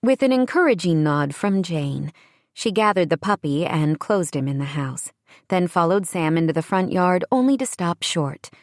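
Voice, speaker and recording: A woman narrating a romance audiobook in a measured storytelling manner on a close studio microphone. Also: fairly low pitch, animated, dry recording. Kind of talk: scripted narration.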